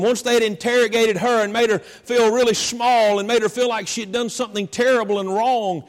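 A male preacher delivering a sermon, emphatic and repetitive as he lists his points. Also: high voice.

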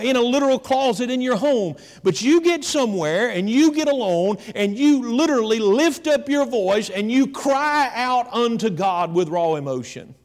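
A male pastor preaching a sermon with rising emphasis, slowing into drawn-out phrases, in a church sanctuary. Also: very high voice. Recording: long hall reverb.

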